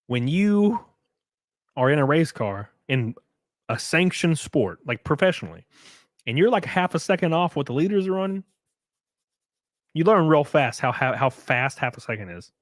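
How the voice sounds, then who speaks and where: A man's voice: on the high side, sing-song, moderate pace, pauses often, no echo, studio quality. Loose, profane male streamer. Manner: loose and profane, effusively thanking viewers. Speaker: streamer and race car driver. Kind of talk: casual livestream chat reading viewer comments.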